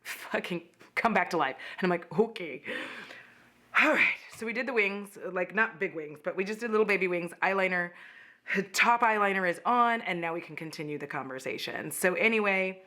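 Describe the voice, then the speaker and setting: A woman's voice: medium pitch, a little fast, sharp tone. A young woman from Texas chatting candidly and profanely at home while doing her makeup, rambling through a personal story. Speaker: beauty vlogger.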